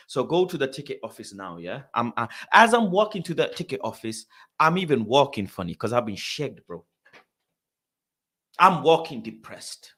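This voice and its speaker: A young man, a host telling a story in casual, slang-heavy talk that swings between loud exasperation and low grumbling. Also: big pitch swings, normal speed.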